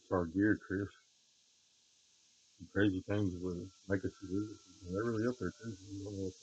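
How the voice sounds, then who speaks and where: A man with a low-pitched voice rambles in unscripted talk. His delivery swings between quiet muttering and loud, repeated shouting. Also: flat delivery, a little slow, lo-fi sound, a little hiss or hum.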